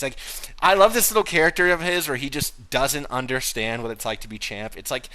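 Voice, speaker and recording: A young man co-hosting a podcast, chatting casually and acting out quotes in raised, animated voices. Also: mid-range voice, a little fast. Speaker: podcast co-host. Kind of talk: casual chat recapping wrestling.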